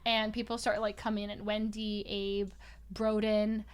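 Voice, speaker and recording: A young woman streamer telling a story in casual chat, animated, laughing often and acting out quotes. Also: medium pitch, normal speed, clean tone.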